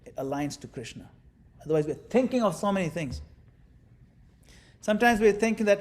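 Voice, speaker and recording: A man giving a devotional class talk as a spiritual teacher, animated and demonstrative, with playful asides. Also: a little high, a little fast, long pauses.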